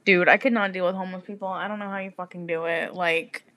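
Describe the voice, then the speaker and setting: A woman's voice: on the low side, steady tone, quick pace, a bit bright. A young woman from Texas hosting a podcast, talking bluntly in casual chat with heavy swearing. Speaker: podcast host.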